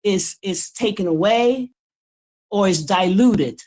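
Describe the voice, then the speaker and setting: A woman's voice: mid-range voice, animated, slow pace, darkish tone, rough recording. An older woman, a guest in a casual interview, talking earnestly and often repeating words as she builds her point. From United States. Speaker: guest author.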